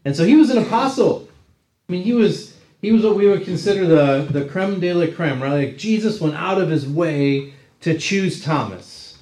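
A man's voice: high voice, lively intonation, normal speed, a little mellow, roomy sound, poor audio. A man leading an informal Bible study class, talking it through conversationally and often checking in with "right?". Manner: conversational, checks in with 'right?' tags.

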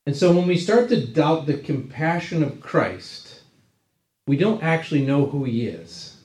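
A man's voice: on the high side, lively intonation, a little slow, darkish tone. Man teaching a Bible class, roomy echo. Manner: conversational, checks in with 'right?' tags.

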